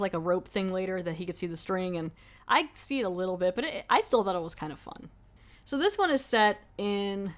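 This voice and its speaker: Brief: woman podcast host, lower voice, chatty rambling film recap. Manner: rambling retelling with lots of 'like'. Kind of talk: casual film review chat.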